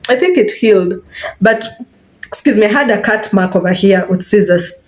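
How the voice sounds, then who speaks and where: A young Kenyan woman telling a casual storytime while getting ready, animated, mixing in Swahili slang and acting out quotes in a raised voice. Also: normal speed. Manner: animated, switching between English and Swahili slang, acts out quotes in a high voice. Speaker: vlogger.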